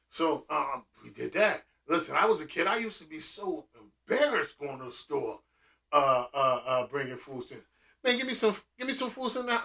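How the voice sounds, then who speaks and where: A man's voice: fairly high pitch, gravelly, pushed and bright, distant mic. A man telling stories casually and with animation, full of slang and restarts. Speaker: restaurant owner and vlogger. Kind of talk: casual storytelling monologue.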